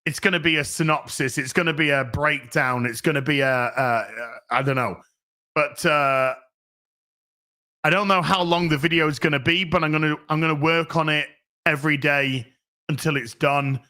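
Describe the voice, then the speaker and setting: Bright-voiced man rambling on a livestream. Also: a little high, normal speed. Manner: rambling, with many restarts and swearing. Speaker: streamer host reading chat. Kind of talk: casual livestream chat.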